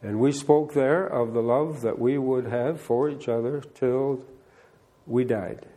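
A man's voice: mid-range voice, steady tone, a little slow, mellow. An older man, a pastor, giving a conversational sermon that mixes scripture reading with plainspoken remarks and direct questions to the listeners.

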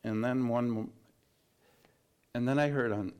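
A man telling a personal story in a casual, halting way, often restarting and dropping his voice quietly at the grave parts. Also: medium pitch, steady tone, clear, resonant tone. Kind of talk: casual spoken recollection.

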